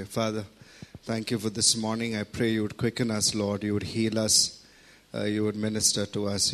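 A man preaching a sermon, reading scripture, praying and teaching in an earnest, deliberate way. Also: lowish voice, fairly bright tone.

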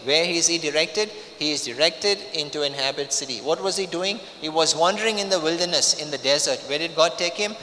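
Bright-voiced preacher in a reverberant hall. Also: male voice, a little high, brisk, hardly any pauses, a little hiss or hum. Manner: repeats phrases for emphasis, frequent restarts. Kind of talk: sermon.

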